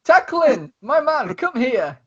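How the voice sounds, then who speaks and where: A man's voice: extremely high pitch, big pitch swings, takes it slowly, lo-fi sound, slight background noise, voice pushed up, heavily acted. A man voicing an effusive, affectionate male ship captain in a tabletop game. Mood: gushing. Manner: gushing, warm-hearted, bossy with haste.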